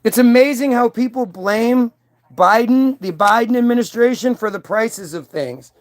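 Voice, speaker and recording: A man's voice: very high voice, normal speed. A man delivering a combative, profane, rambling monologue to his stream audience, often restarting his sentences. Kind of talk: ranting monologue.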